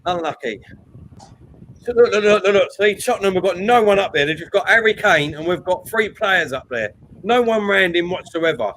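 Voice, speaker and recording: A man hosting a live football watchalong, calling the play and getting loud at big chances. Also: sits high, moderate pace, a little hiss or hum. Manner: excitable, shouts at big chances. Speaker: watchalong host.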